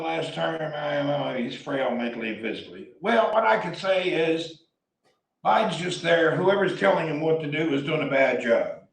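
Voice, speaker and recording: A man from the American South with a Southern accent, delivering a blunt, heated opinion rant as a vlogger and often shouting. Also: fairly high pitch, creaky, roomy sound, distant mic, low-quality recording.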